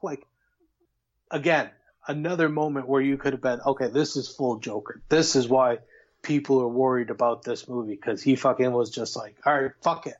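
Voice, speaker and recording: A man co-hosting a podcast, chatting casually and profanely about a movie and excitedly acting out scenes. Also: medium pitch, normal speed, highs cut off. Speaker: podcast co-host. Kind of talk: casual movie review chat.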